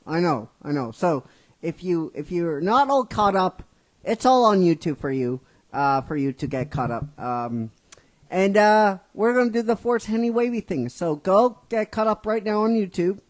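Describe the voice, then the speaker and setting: In a high, lively voice at normal speed and with no echo, a middle-aged man narrates a fan-written story for his fan script series. He rambles casually, restarting often and throwing in asides to the listeners.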